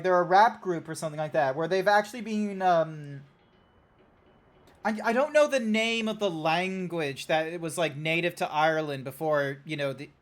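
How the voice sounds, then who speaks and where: Rambling man streaming a game. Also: a little high. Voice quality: rambling, lots of fillers and asides. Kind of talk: casual gameplay commentary. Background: music playing.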